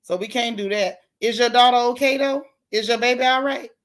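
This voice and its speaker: A woman's voice: a little high, fairly quick. Sassy chatty woman livestreamer. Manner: chatty, greets viewers by name, sassy Southern slang. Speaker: livestream host. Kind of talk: casual livestream chat.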